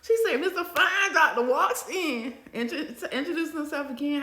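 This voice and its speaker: High-voiced girl spilling tea, animated and gossipy, echoey room sound. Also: normal speed. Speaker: storyteller. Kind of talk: casual storytime chat.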